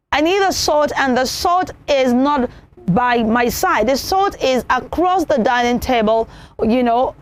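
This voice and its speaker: A woman presenting a children's television show, teaching manners in an animated way and acting out examples. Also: high-pitched. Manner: animated, repeats points, acts out examples.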